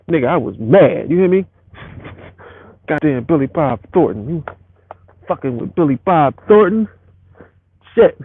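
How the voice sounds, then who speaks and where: A man's voice: a little high, breathy edge. A man ranting on a live stream from home, rambling and profane as he talks straight to his viewers. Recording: tinny phone audio with faint hiss.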